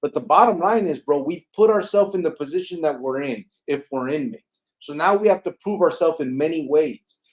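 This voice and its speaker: A man's voice: fairly high pitch, expressive, a little fast. Emphatic man. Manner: emphatic, repeats rhetorical questions. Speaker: podcast host. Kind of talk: casual chat.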